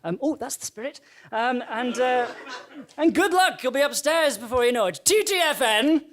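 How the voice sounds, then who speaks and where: A man's voice: extremely high pitch, animated, moderate pace, fairly bright tone. A man voicing a polite but sinister afterlife warden in an improvised comedy audio drama, with awkward, apologetic rambling full of fillers.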